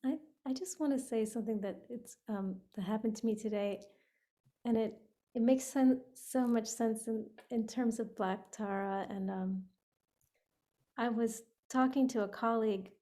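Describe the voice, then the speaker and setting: Bright-voiced woman sharing with laughs. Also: a little high, moderate pace. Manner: laughing often, animated storytelling. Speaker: participant. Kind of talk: casual group sharing.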